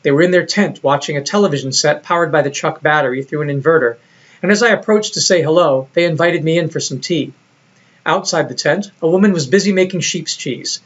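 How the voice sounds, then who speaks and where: A man's voice: fairly high pitch, brisk. A man narrating a recorded lecture in a reflective, storytelling way, on a dull lo-fi recording. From United States.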